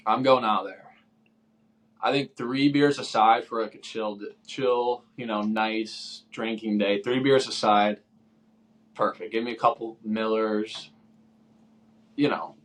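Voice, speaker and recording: A young man with a somewhat low voice talks casually as a podcast co-host. He rambles through his stories, quoting himself and others along the way. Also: steady tone, slow, pauses often, a bit bright. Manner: rambling storyteller, acts out his own quoted lines. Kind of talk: casual chat.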